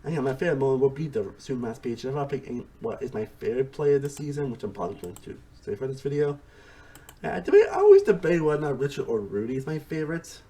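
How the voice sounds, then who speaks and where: A man talks through a casual review in a loose, rambling way. He circles back over his points and keeps tacking on "honestly". His pitch swings up and down a lot. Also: sing-song, quick pace, mellow. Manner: rambling, repeats himself, says "honestly" often.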